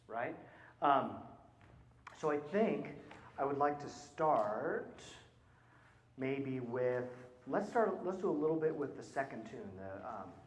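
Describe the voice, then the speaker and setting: A medium-pitched man leads a choir rehearsal as a clinician in a concert hall, captured with a roomy hall sound and slight background noise. He keeps asking questions and checking in by saying "right?"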